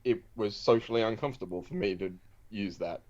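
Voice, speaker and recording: A man's voice: fairly low pitch, fairly quick, a little mellow. A man in casual chat with other players, easygoing and wry. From Australia. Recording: muffled, lo-fi call audio.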